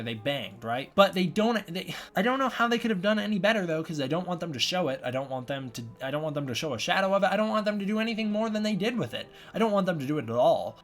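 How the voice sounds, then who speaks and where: A man giving a casual spoken film review, rambling and often restarting his sentences. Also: on the high side. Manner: rambling, repeats and restarts himself.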